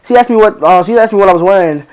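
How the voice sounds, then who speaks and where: Teenage guy, slangy casual storyteller, fairly high-pitched, animated quoting. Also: very fast. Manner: slangy, rambling, animated retelling with quoted voices. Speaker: vlogger.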